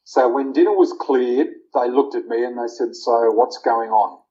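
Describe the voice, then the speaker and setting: A middle-aged Australian man, appearing as an interview guest, speaks in a mid-range, dark-toned voice at a steady tone and normal pace. He earnestly tells a heartfelt personal story, recounting family conversations in detail. The audio is lo-fi and slightly muffled.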